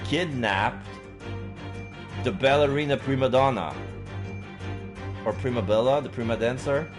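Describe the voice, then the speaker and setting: A man streaming a game, chatting casually and laughing at himself between reading lines. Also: medium pitch.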